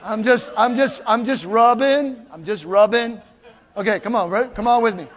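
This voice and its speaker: A man preaching a sermon to his congregation, animated, swinging between loud and hushed, with jokey asides. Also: extremely high pitch, normal speed, slight background noise. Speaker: pastor. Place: church. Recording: long hall reverb.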